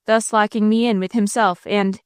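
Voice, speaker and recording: A woman's voice: medium pitch, fairly even intonation, moderate pace, clear, resonant tone, no echo, studio quality, natural voice. A woman voicing a wild, fearless young heroine in an audiobook, talking in breathless, pleading exclamations. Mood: distraught.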